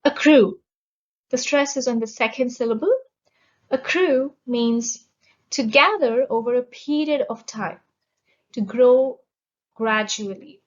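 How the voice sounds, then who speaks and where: A woman with a fairly high voice teaches exam vocabulary at a very slow, deliberate pace. She enunciates every word carefully. The audio is a little dull and lo-fi. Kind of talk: scripted vocabulary lesson.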